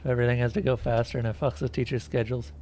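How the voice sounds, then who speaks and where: Male streamer talking to chat while gaming, relaxed and chatty. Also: medium pitch, rapid-fire, a little hiss or hum. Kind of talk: casual gameplay commentary.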